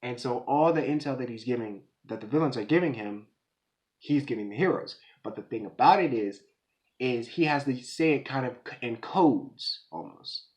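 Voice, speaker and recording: A man reviews an episode in a loose, excitable way. He talks in slang and keeps jumping into quick voices for the characters. His voice sits at an ordinary middle pitch for a man. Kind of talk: casual video review.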